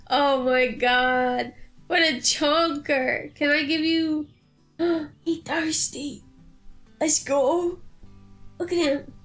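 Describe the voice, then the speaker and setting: A woman streams a game and chats casually, slipping into gushing baby-talk and frequent laughter. Her voice sits high and she drags her words out very slowly. Faint game music plays behind her. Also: fairly bright tone.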